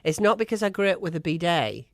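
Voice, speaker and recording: A woman's voice: on the low side, lively intonation, quick pace, dry recording. Chatty English woman, dry studio sound. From England. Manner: chatty and emphatic, with frequent laughs. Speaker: co-host. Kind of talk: casual chat.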